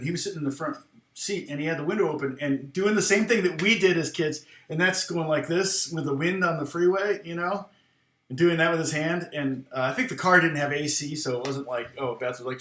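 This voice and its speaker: A man's voice: a little high, fairly bright tone, echoey room. A middle-aged man, a guitar teacher, telling rambling, chuckling anecdotes in casual conversation. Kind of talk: casual storytelling.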